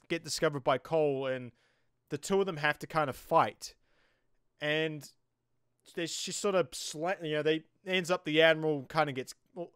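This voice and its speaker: A New Zealand-accented man talks through a TV episode in a loose, rambling way, leaning on fillers. His voice sits a little high and sounds smooth, and the recording is dry and close. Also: fairly bright tone, no echo. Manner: rambling, loose, with many "you know" fillers. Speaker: TV show reviewer. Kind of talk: casual episode review.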